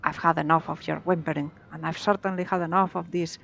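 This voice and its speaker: A woman streamer reading aloud the lines of a gruff, mocking male pirate villain in a put-on pirate accent. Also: low voice, fairly even intonation, quick pace, fairly bright tone, lo-fi sound, pitched below the performer's own voice. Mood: menacing. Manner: mocking, menacing.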